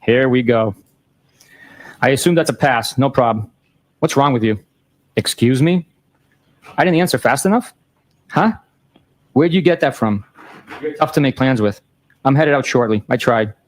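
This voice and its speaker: A man reads a string of text messages aloud in a courtroom, keeping his delivery flat and matter-of-fact even through the teasing lines. His pitch sits in an ordinary middle register, and he reads each date and time plainly before the messages that follow. The voice comes through a courtroom microphone. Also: moderate pace, long pauses. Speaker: courtroom participant reading texts aloud.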